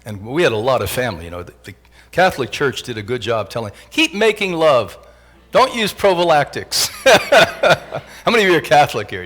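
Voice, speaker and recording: A man in his sixties giving a joking, animated motivational lecture to a live audience as a health institute director. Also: mid-range voice. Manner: animated, joking, often laughs at his own lines.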